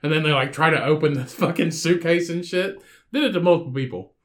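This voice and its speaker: A man's voice: on the high side, fast. A man co-hosting a podcast, telling stories in a laid-back way with lots of swearing. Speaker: podcast co-host. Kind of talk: casual chat.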